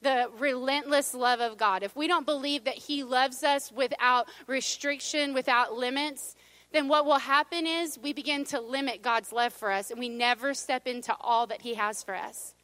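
A woman's voice: high-pitched, normal speed, fairly bright tone, no echo. A middle-aged woman pastor, preaching a sermon in a chatty, storytelling way with playful asides to the congregation.

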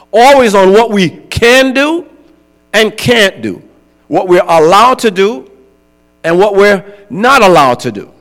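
A man's voice: sits high, big pitch swings, slow pace, fairly bright tone. A male pastor preaching a sermon in a conversational way, often asking his congregation "right?". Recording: long hall reverb with mains hum.

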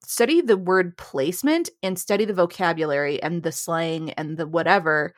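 A woman co-hosting a writing podcast, opinionated and quick to laugh. Her voice sits on the lower side, and the recording is dry with no room sound. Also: no echo. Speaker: podcast co-host. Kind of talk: casual chat.

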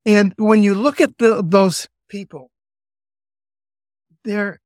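An older man co-hosting a podcast, chatting casually and telling family stories with quick asides. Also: sits high, darkish tone, dry recording, studio quality. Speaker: podcast co-host. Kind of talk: casual family-history chat.

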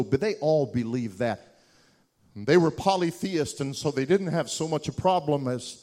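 A man preaching a sermon, telling a story and building to loud, impassioned peaks with repeated words for emphasis. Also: fairly high pitch.

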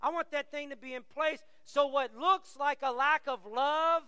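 A man's voice: extremely high pitch, unhurried, bright, forceful tone, no echo, big-room sound. A middle-aged man preaching a sermon as pastor, telling stories with animation and acting out the voices he quotes.

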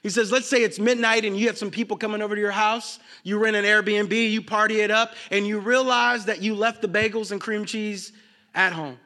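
A man preaching a sermon to his congregation, telling funny stories with shouted bursts, then dropping low and soft for serious points. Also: steady tone, a little fast. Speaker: pastor.

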